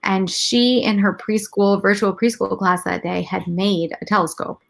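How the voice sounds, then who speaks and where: A woman's voice: medium pitch, steady tone, moderate pace, creaky. A woman in her thirties, a mother speaking as a guest in a casual couch conversation, telling stories candidly and animatedly.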